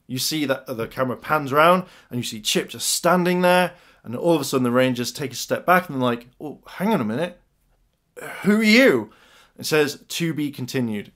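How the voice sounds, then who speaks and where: A young man talking excitedly as a YouTuber in a casual fan theory vlog, acting out little bits of dialogue as he goes. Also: medium pitch. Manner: excited, animated storytelling with quick acted asides.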